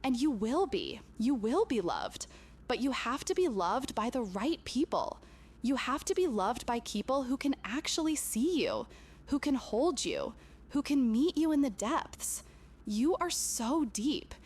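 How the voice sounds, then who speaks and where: A woman's voice: high-pitched, big pitch swings, unhurried, a little mellow, breathy edge. A woman speaking earnestly and intimately to a camera, delivering a channeled spiritual message with emphatic repetition.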